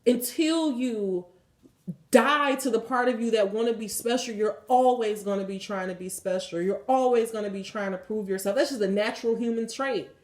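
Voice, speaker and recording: A woman's voice: fairly high pitch, moderate pace, darkish tone, reverberant. A woman tarot reader giving a blunt, emphatic spiritual pep talk and leading affirmations, swearing freely.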